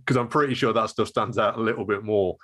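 Slightly low, musing male gym coach. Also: steady tone, quick pace, fairly bright tone. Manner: thinking aloud, hesitant, full of "like" and "you know". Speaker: martial arts coach and show co-host. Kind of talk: casual podcast chat.

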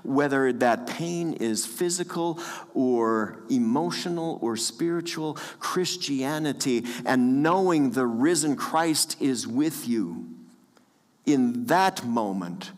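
A man preaching a sermon as pastor, earnest and conversational, repeating key phrases with the odd soft chuckle. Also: mid-range voice, lively intonation, slow pace. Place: church sanctuary. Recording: long church reverb.

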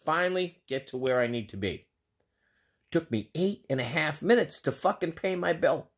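Man, Boston accent, fairly high-pitched, exasperated, sarcastic, cursing storytime rant. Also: animated, normal speed. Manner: exasperated, heavily profane, sarcastic. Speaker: vlogger. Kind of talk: ranting storytime monologue.

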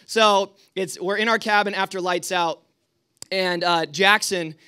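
Young male youth leader, rambling storyteller, high bright voice. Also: steady tone, a little slow, clean tone. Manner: casual, rambling, full of fillers. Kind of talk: storytelling talk to a youth group.

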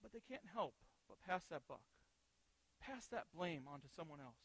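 A man's voice: a little high, expressive, normal speed, a bit bright, husky. A pastor giving a sermon in an easygoing way, asking his listeners rhetorical questions and now and then repeating a word as he restarts. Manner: conversational preaching with rhetorical questions; repeats words when restarting.

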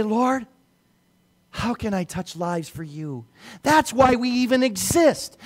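Middle-aged man, high-pitched pastor delivering a sermon with soft-to-loud swings. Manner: preaching with swings between soft and loud emphasis.

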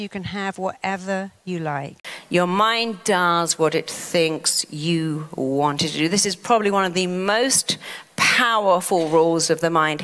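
English female therapist, motivational speaker, low-ish voice, animated asides, hall echo. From England. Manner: animated, acts out the mind talking back. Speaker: therapist and self-help speaker. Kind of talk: motivational talk.

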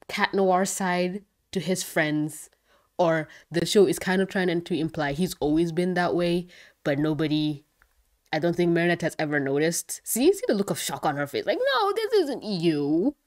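Woman reviewer, excitable, swears freely, somewhat low voice. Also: normal speed. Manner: excitable, swearing, laughing often. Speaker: show reviewer. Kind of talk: casual episode reaction review.

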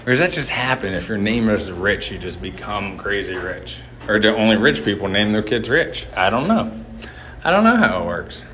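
Exploring a large hotel on a live stream, a man films on a handheld phone and chats, rambles and jokes with viewers. His lowish voice is very animated and a bit bright, at a moderate pace, with slight background noise.

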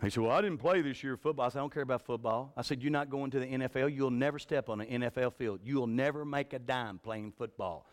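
A man preaching a revival sermon in a church, telling folksy stories and swinging from shouts to a hushed voice. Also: medium pitch. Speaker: pastor. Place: church sanctuary.

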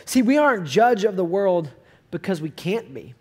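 A man's voice: high-pitched, sing-song, normal speed, husky. A male pastor preaching a sermon in a conversational, storytelling way, telling personal stories and reading scripture.

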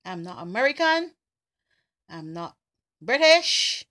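A woman with a Barbadian accent, talking casually and deliberately through an accent challenge. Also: mid-range voice, big pitch swings, fairly bright tone. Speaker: vlogger.

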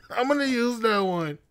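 A man co-hosting a podcast, telling stories and dad jokes in a casual, animated way, laughing often and swearing freely. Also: extremely high pitch, very noisy. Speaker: podcast co-host.

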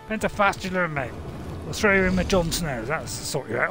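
A man's voice: fairly high pitch, expressive, fairly quick. Chatty man over game music. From Britain. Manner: chatty and jokey, talks to himself and cheers on his units. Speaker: gaming video host. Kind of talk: casual game commentary.

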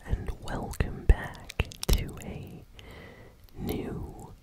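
A gaming channel host giving whispered ASMR gameplay commentary, chewing bubblegum while talking, relaxed and unhurried with small hesitations, close to the microphone. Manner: soft whisper throughout.

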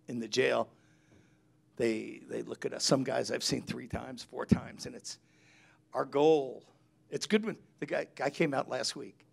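A middle-aged pastor delivers a chatty sermon, telling stories and acting out the people he quotes. His voice is medium in pitch and gravelly.

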